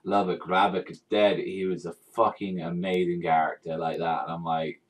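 A man vlogging his reaction to a manga chapter, rambling through fillers, swearing constantly and bursting into shouts. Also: low voice, animated, moderate pace, far from the mic, poor audio. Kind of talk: excited reaction rant.

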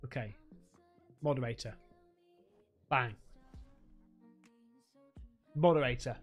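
A man live-streaming, excitedly thanking donors by name and unboxing gifts, swearing freely. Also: medium pitch, takes it slowly, faint music behind. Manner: excitable, sweary, calls everyone mate. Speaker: livestreamer.

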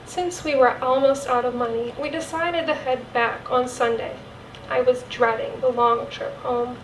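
A woman's voice: sits high, fairly even intonation, slight background noise. A woman playing a grieving follower of Jesus, reciting an earnest first-person monologue in a church cantata. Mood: solemn. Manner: earnest storytelling, vivid and measured. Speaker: cantata narrator. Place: church sanctuary. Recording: echoey church from far off.

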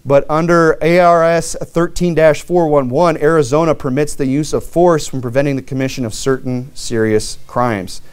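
A man with a voice on the high side preaches a sermon built around a long personal story, speaking at normal speed in a steady, smooth tone with hardly any pauses. His style is loose and conversational, full of fillers, restarts, and wry self-mocking humor.

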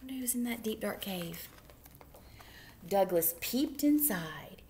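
Slow, sing-song storytime librarian. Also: female voice, medium pitch, a little hiss or hum. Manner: animated, sing-song, drops to whispers. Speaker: children's librarian. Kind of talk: storytime read-aloud.

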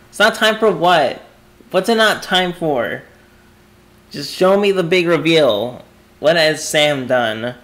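A man commentating a horror game he is playing, jumpy and excitable, yelping and screaming at scares, his throat dry from yelling. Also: on the high side, measured pace. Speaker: gaming YouTuber. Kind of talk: horror let's play commentary.

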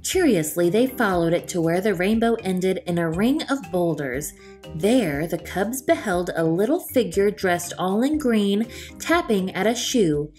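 A woman's voice: mid-range voice, lively intonation, unhurried, a little mellow, soft background music. Woman reading a children's storybook aloud. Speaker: storytime reader.

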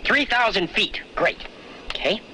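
An actor playing an earnest male writer who questions a miner for his book, eager and halting, restarting his questions. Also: high-pitched, expressive, sharp tone, full character voice. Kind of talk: film dialogue. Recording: noisy old film soundtrack.

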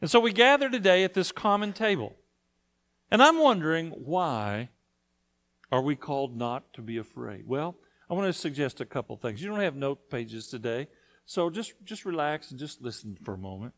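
Inside a church sanctuary, a pastor delivers a conversational sermon in a fairly high, fairly bright voice. He sounds animated, keeps to a normal speed, and asks the congregation questions.

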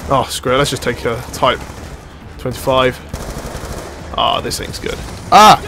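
A young man giving live commentary while playing a shooter, excitable and jokey, swearing and yelping when he gets hit. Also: mid-range voice, a little slow, background noise. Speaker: gaming channel host.

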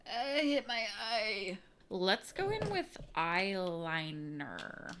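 A woman's voice: medium pitch, big pitch swings, drawn-out words, noisy background. A woman chatting casually through a makeup tutorial, playful and prone to silly mock-dramatic asides. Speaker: beauty vlogger.

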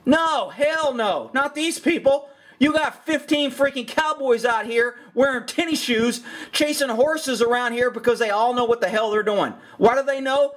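High-voiced ranting man. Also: moderate pace, a bit bright. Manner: exasperated, blunt, profane. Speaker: horse trainer and commentator. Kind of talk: ranting commentary over video.

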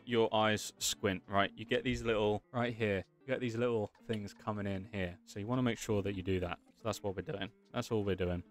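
A chatty man giving a casual screen-share tutorial on his animation work, explaining each step and thanking his viewers. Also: mid-range voice. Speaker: creator walking through his animation work.

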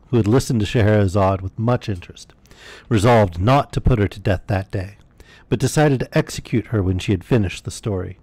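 A man with a lowish voice reads a bedtime story in a calm, measured way. The sound is dry and close to the mic. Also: no echo. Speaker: storyteller streamer.

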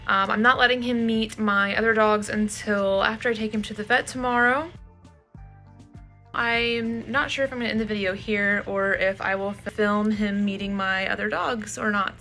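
A woman's voice: medium pitch, bright, forceful tone. A woman, talking to her phone camera in a casual, candid vlog with a slightly nervous edge. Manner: chatty, candid and a little nervous. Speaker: vlogger.

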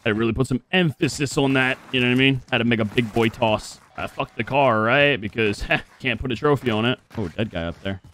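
A young man streaming a shooter game, talking to himself in profane, excitable commentary. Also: medium pitch, fairly quick, few pauses, a little hiss or hum. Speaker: gaming streamer. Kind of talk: live gameplay commentary. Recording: game sound mixed under voice.

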